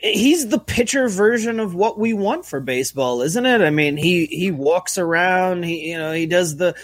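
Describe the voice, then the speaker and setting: A man's voice: high-pitched, animated, moderate pace. A man co-hosting a casual sports podcast, sardonic and joking. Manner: sardonic, joking, acts out quotes. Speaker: podcast co-host.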